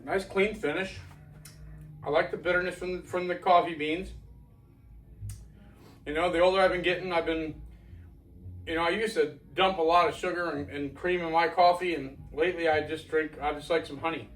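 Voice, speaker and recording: A man from Florida talks through a beer tasting outdoors at night. His voice sits a little high and sounds somewhat off-mic, with soft music in the background. He rambles in a loose, folksy way. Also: steady tone, moderate pace, pauses often, far from the mic, rough recording. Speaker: beer reviewer. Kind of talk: casual beer review.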